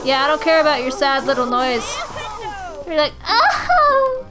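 A woman's voice: sits high, fairly even intonation, moderate pace. A tipsy young woman giving brash, foul-mouthed let's-play commentary as the host. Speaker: gaming host. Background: game music.

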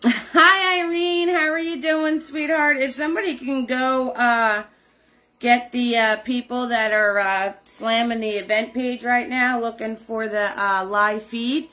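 A woman's voice: fairly high pitch, fairly even intonation, a little slow, bright, forceful tone. Chatty New woman hosting a live stream. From New Jersey. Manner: chatty, greets viewers by name, frequent fillers. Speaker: live painting class host. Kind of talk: casual live-stream chat.

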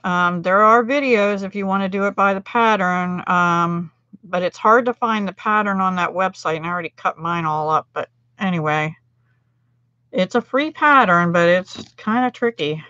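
A middle-aged American woman demonstrates card making on a livestream, chatting with viewers and laughing often at her own slip-ups in a self-deprecating way. Her medium-pitched voice has a fairly bright tone and moves at a normal speed. The sound is lo-fi with no echo.

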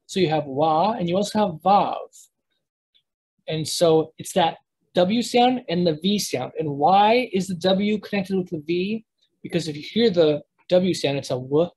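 With a mid-range, husky voice and darkish tone, a language teacher gives a live online lesson over a shared screen. Explanations come step by step but haltingly, with frequent restarts and brief checks on the class.

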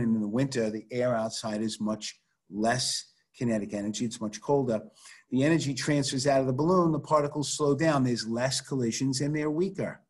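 Middle-aged male chemistry teacher, slightly husky tone, chatty storyteller delivery on a video call. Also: medium pitch. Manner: storytelling, conversational and animated. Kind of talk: online class lecture.

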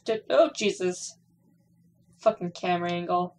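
A woman's voice: medium pitch, a little slow. A young woman giving casual gameplay commentary, swearing a lot and talking back at characters on screen. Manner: laughs and squeals while playing. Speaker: gameplay streamer.

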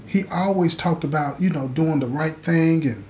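A man's voice: a little high, moderate pace, darkish tone, a little hiss or hum. A man hosting his own channel, telling a story in a conversational way with frequent asides to the listener. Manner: conversational, often adding "you know what I'm saying". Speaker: host.

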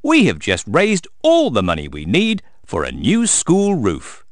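A man's voice: mid-range voice, huge pitch swings, measured pace, dry recording, clean studio sound, voice pushed up. A man voicing a formal female gazelle schoolteacher who speaks in an announcing tone.

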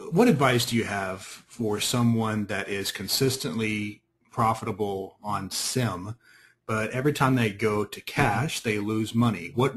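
A man's voice: lowish voice, slight background noise. A man hosting a webinar, asking a guest long questions and agreeing with him. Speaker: webinar host. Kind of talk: interviewing a guest.

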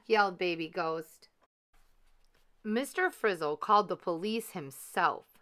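A woman reading a children's picture book aloud in an expressive, animated way. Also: on the low side, slow pace. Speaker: storybook reader.

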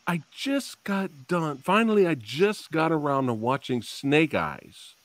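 A man's voice: a little high, sing-song, unhurried, voice pushed up. Guy quoting a fired-up british martial arts dude, voice jumps way up. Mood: excited. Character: excited cursing British martial artist man.

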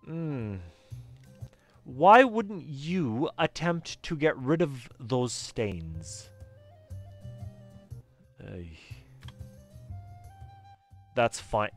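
A man's voice: medium pitch, sing-song, extremely slow, long pauses, no echo, soft background music. A man giving casual, sarcastic commentary while playing a game, swearing freely. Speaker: game streamer.

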